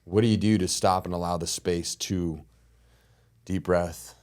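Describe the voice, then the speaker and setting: Very low-voiced man asking questions. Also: fairly even intonation, a little slow, darkish tone. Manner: probing, thoughtful questions. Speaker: podcast co-host. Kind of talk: casual conversation.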